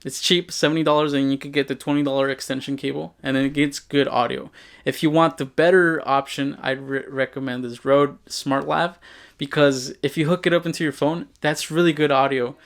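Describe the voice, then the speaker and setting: Fairly high-voiced man, blunt and hands-on, swears casually, tutorial host. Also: fairly even intonation, brisk, vocal fry. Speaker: filmmaking video host.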